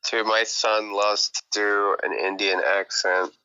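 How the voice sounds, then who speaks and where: A man's voice: lowish voice, little pitch movement, unhurried, bright, forceful tone, clear, resonant tone, dull audio. A middle-aged man chatting eagerly on a gaming stream, rambling through his items with fillers. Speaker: stream guest. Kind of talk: casual gaming chat.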